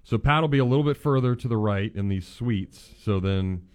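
A man co-hosting casual sports talk, joking and animated. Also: lowish voice, normal speed. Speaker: sports radio co-host.

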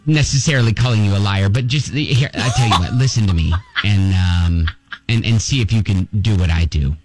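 A man's voice: on the low side, fairly quick, loud music behind the voice, voice pushed down, natural voice. A man playing a smug fake male French teacher in a radio prank call, bluffing and stammering with mock confidence. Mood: mock serious.

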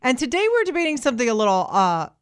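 Woman, thirties, from Florida, radio studio co-host, slightly high voice, chatty banter. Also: big pitch swings, clear, resonant tone. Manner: chatty, quick, laughs often. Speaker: radio morning show co-host. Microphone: studio microphone.

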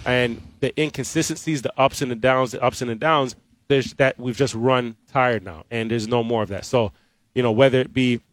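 A man's voice: mid-range voice, moderate pace. A man on a post-game basketball panel speaking firmly, repeating phrases for emphasis. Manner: firm, preachy, repeats phrases. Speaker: basketball analyst.

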